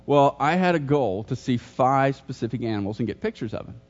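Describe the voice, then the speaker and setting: A middle-aged male pastor preaches in a church, mid-pitched and conversational. He tells stories, makes jokes and turns to the congregation with questions. The recording sounds dull and lo-fi. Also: animated, brisk, darkish tone. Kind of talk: sermon.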